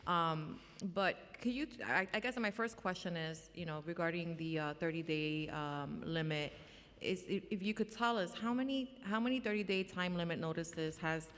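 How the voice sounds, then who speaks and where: A woman chairing a council hearing who puts questions haltingly, with restarts and fillers, her voice a little scratchy. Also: fairly low pitch, fairly bright tone. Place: council chamber. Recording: long chamber reverb, faint room noise.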